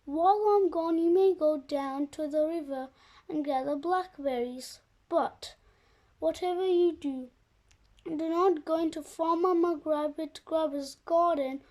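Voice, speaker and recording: Young reader doing a mother rabbit, stern warning, very high voice, unhurried. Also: a little mellow.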